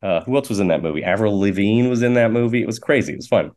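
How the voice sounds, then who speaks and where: Canadian guy in his 40s telling rambly self-deprecating jokes, lowish voice. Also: expressive, fast, a little mellow. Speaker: guest, actor and comedian. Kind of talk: casual interview chat.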